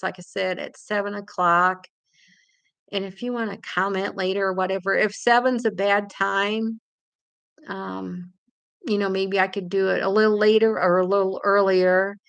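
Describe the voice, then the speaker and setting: Here is a retired woman with a Hoosier accent, talking on a home live stream in a relaxed, rambling way. Her voice has a gravelly edge, and she laughs often as she chats. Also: medium pitch. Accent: Indiana. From England. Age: older. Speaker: livestream host. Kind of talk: casual live-stream chat.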